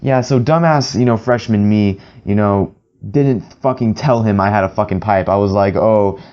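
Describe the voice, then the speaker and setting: A man's voice: on the low side, normal speed, darkish tone, muffled recording. A young man telling a story to his viewers in a rambling, profane way, full of filler words. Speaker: vlogger. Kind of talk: casual storytelling to camera.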